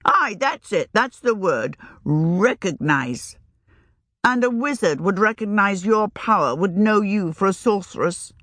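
A woman's voice: medium pitch, expressive, measured pace, fairly bright tone, no room sound, studio quality, pitched above the performer's own voice. Woman putting on a shrewd rustic old witch. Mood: earthy. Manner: rustic old-fashioned country speech. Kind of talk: audiobook reading.

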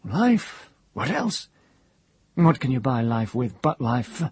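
A man voicing a broken former wizard, a maimed man who speaks in a soft, hoarse voice in halting, stammering bursts. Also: medium pitch, big pitch swings, no room sound, pitched above the performer's own voice, heavily acted. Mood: cunning.

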